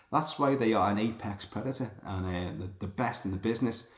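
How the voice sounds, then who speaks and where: A man hosting a podcast, talking in a rambling, sweary, animated monologue. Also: medium pitch, fairly quick. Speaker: podcast host. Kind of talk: casual monologue. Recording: roomy echo.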